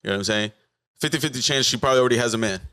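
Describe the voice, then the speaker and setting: A man from South Florida, a comedian guest on a podcast, telling stories in an animated way and acting out bits of dialogue. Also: mid-range voice, rapid-fire. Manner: animated storyteller, acts out dialogue. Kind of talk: casual podcast chat.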